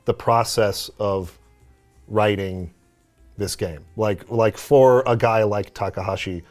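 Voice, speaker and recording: A man's voice: lowish voice, fairly even intonation, slow, faint music behind. A man hosting a stream, chatting casually and thoughtfully about a video game, rambling with many fillers. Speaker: streamer host.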